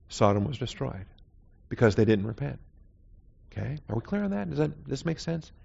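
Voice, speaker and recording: A man's voice: medium pitch, gravelly, a little mellow, muffled recording. A man teaching a Bible class in a conversational sermon style, often checking in with "okay?". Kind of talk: sermon lecture.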